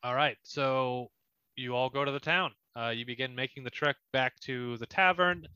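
A man's voice: mid-range voice, moderate pace, sharp tone, clean tone, dry recording, highs cut off. A man narrating a tabletop game as game master, in a loose, chatty way.

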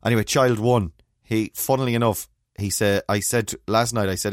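A man, co-hosting a casual chat and telling rambling, animated stories full of restarts. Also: lowish voice, fast talker, dry recording, clean studio sound. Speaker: podcast co-host.

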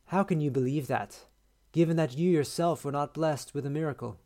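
A man's voice: a little high, fairly quick, dark tone, natural voice. A man reading the lines of a blunt male companion who scolds his friend in a short story. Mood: scolding. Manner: exasperated, scolding.

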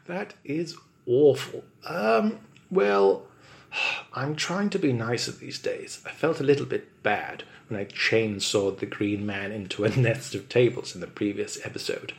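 A man's voice: on the low side, unhurried, gravelly. A man improvising a comic story in a mock-pompous, wordy narrating voice.

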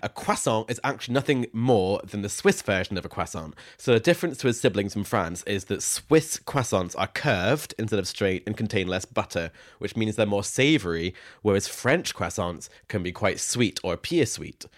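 A man's voice: fairly low pitch, expressive, moderate pace, few pauses. A young man co-hosting a casual podcast, reading out listener questions and laughing often. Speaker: podcast co-host. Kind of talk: casual chat.

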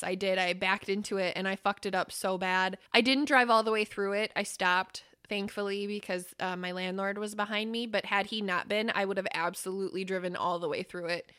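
Bright, emphatic woman podcast host. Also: medium pitch, clear, resonant tone, no room sound, studio quality. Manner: animated, swearing, emphatic. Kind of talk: casual podcast chat.

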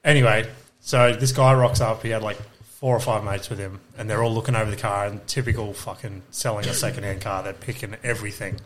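A man's voice: on the low side, fairly even intonation, fairly quick, background noise. A young Australian man, a podcast co-host, telling stories in casual chat, swearing freely and acting out what people said.

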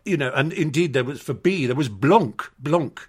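Husky older Englishman telling anecdotes. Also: on the high side, lively intonation, moderate pace. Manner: articulate, anecdotal, with frequent restarts. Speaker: guest. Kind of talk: conversational storytelling.

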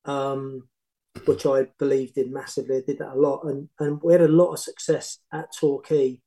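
A middle-aged man, a former football manager, telling long animated anecdotes in casual podcast chat with many restarts. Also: medium pitch, moderate pace, poor audio. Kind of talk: casual storytelling.

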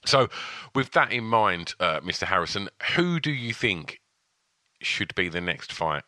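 Bloke chiming in on a podcast, low sharp voice, bouncy pitch, dry sound. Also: male voice, sing-song, unhurried, no echo. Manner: short interjections, teasing. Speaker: podcast co-host. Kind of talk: casual sports chat.

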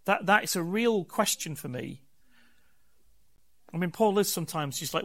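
A man's voice: high-pitched, expressive, moderate pace, long pauses. An older man, a pastor giving a candid, conversational sermon to his congregation and building points in emphatic lists. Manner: candid, warm-hearted, talks with emphatic rhythm and lists.

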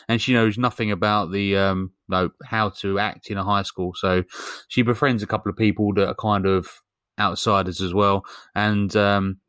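A man with a lowish voice rambles through a story among friends, full of ums and little jokes. His voice is close and dry, with no room sound around it. He sounds like a podcast co-host chatting casually. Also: little pitch movement, moderate pace, a bit bright, clear, resonant tone, dry recording. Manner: rambling, many ums, jokey. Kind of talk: casual chat, retelling a film plot.

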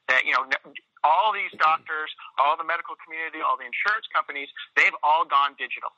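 A man's voice: fairly high pitch, brisk, pushed and bright, dry recording, muffled recording. A man in his thirties telling his story in a casual interview, rambling with many fillers and restarts. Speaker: interview guest, Pilates studio owner.

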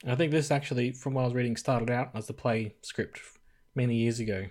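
A man's voice: medium pitch, fairly even intonation, quick pace, darkish tone. A man co-hosting a podcast, chatting casually about a film in an easygoing, musing way. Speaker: podcast co-host. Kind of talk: casual film review chat.

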